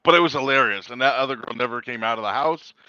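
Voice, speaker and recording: A man's voice: medium pitch, fast, pushed and bright, smooth, no room sound, muffled recording. A man, a rideshare driver, telling a story in casual chat, rambling, restarting words and acting out what people said.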